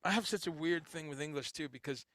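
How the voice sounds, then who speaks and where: A middle-aged man who grew up in Chicago and Guyana, and later New Jersey, hosts a casual livestream, rambling and swearing as he reads chat comments aloud. His voice is fairly high and a bit bright, he talks fast, and there's no room sound.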